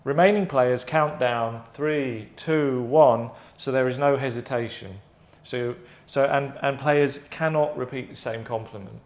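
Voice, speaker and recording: A man's voice: medium pitch, measured pace, hardly any pauses, a little mellow. A man hosting his own show, chatting in a rambling way with asides and self-corrections. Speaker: host presenting his own game idea. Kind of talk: casual monologue. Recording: echoey room.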